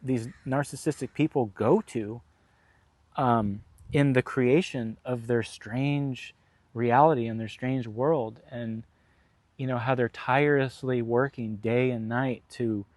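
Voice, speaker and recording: A man's voice: mid-range voice, a little mellow, no room sound. A man vlogging in a casual, rambling storytelling monologue, frank and profane, full of fillers.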